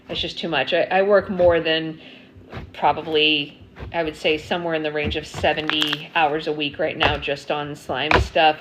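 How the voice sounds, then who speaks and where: Speaking in a low-pitched voice over a very noisy recording, a woman runs a casual slime live stream. She chats, answers viewer comments, and drops in plenty of ums.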